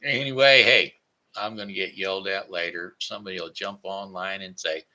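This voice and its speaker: A man's voice: sits low, steady tone, moderate pace, pushed and bright. A man hosting his own daily live show, chatting in a folksy, rambling way with friendly asides to his viewers. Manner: breaks into a homespun goodbye song. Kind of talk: casual live-stream chat.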